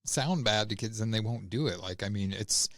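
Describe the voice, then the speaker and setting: A man co-hosting a podcast, talking casually and haltingly with many restarts. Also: on the low side, a bit bright, no room sound, clean studio sound. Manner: hesitant, with many fillers and restarts. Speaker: podcast co-host. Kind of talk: casual chat.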